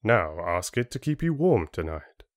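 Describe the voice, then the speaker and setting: A man playing a patient, gentle father. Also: low-pitched, big pitch swings, no echo, studio quality. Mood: calm. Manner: measured, gentle. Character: patient calm middle-aged father.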